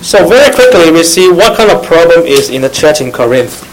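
A man with a somewhat high voice and delivers a sermon to a young congregation. He quizzes his listeners, repeats his key phrases and slips in teasing asides. A faint hiss sits under his voice. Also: big pitch swings, brisk, rough recording. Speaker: preacher. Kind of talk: sermon to young church members.

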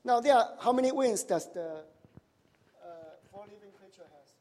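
High-voiced preacher in a reverberant hall. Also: male voice, lively intonation, a little slow, a little mellow. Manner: nonnative grammar, frequent "right?" and "huh?" tags. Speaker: pastor. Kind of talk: sermon with questions to the congregation.

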